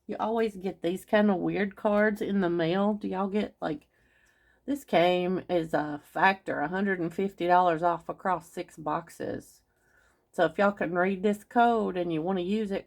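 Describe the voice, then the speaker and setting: A woman's voice: on the low side, creaky. A woman chatting casually through a craft video, rambling and talking straight to her viewers. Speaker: craft vlogger.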